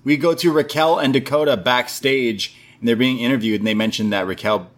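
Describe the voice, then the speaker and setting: A man co-hosting a casual wrestling recap chat. He runs through the episode in a relaxed way and slips into playful, animated delivery when he retells a scene. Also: fairly quick. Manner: animated, acts out quoted lines in high voices. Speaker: podcast co-host reviewing wrestling.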